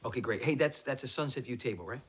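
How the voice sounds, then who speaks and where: A man's voice: mid-range voice, fast talker, breathy edge, lightly acted. A man acting a bumbling, evasive boyfriend in a sitcom.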